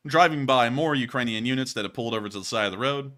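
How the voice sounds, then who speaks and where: A man's voice: mid-range voice, quick pace, few pauses, fairly bright tone. A man casually commenting over war footage as host, joking and rambling and laughing at his own slips. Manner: jokey, rambling, laughs at himself.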